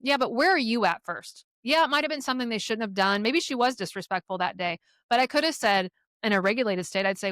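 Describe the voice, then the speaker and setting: A middle-aged woman speaking as a podcast guest, telling her own parenting stories candidly, with blunt language and lively acted-out quotes. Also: a little high, fast, dry recording, clean studio sound. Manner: frank, profane, animated retelling of quotes. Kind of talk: candid conversational storytelling.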